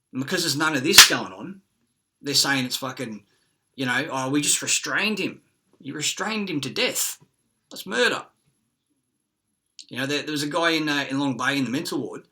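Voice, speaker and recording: Bright-voiced, agitated Australian man. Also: medium pitch, a little hiss or hum. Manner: agitated, profane, conspiratorial ranting. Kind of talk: rambling monologue.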